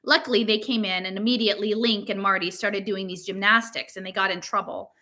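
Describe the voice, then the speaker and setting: A woman's voice: medium pitch, steady tone, a little fast, pushed and bright. A woman reading a novel aloud, narrating casually in teen slang. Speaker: reader.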